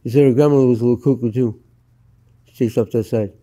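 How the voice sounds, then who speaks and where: A man's voice: mid-range voice, steady tone, fast, mellow. A middle-aged man from the United States, telling his life story in an interview in a blunt, profane, matter-of-fact way. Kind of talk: candid storytelling. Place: Los Angeles.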